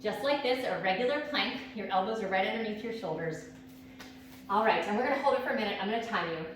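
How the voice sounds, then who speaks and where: A woman's voice: medium pitch, fast, slight background noise. A woman fitness instructor leading a workout, upbeat and out of breath as she counts reps and coaches. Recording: echoey room, distant mic.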